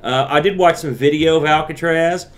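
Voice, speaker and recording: Animated, jokey man co-hosting a podcast. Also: a little high, normal speed. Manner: animated, jokey, acts out his own reactions. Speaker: podcast co-host. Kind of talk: casual chat.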